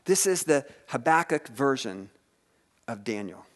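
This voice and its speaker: A man preaching a sermon, retelling scripture stories in a lively way and asking his listeners questions. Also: medium pitch, normal speed. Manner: animated storytelling preacher, asks the audience questions. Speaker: pastor.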